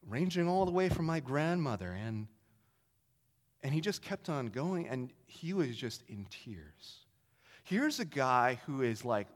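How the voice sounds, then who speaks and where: A man's voice: medium pitch, long reverb tail. A man telling a personal faith story in an earnest, rambling way, with many fillers and restarts. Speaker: storyteller sharing a testimony. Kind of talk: casual spoken testimony.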